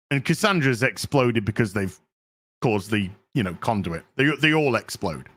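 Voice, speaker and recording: A man hosting a podcast, excitedly retelling a film plot in casual chat, swearing freely and using lots of fillers. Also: fairly low pitch, moderate pace. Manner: excited, profane storytelling with many fillers. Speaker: podcast host. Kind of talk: casual movie recap chat.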